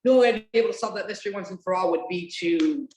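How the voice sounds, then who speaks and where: A woman's voice: fairly low pitch, racing, darkish tone. Rambling woman podcast host in an echoey room. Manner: rambling, many fillers and restarts, casual swearing. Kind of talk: casual chat, watch-along podcast. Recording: roomy echo.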